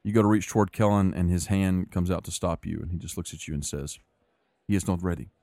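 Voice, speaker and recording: A man running a tabletop game as game master, narrating scenes in a calm, descriptive way. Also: deep voice, fast, vocal fry, no room sound, studio quality.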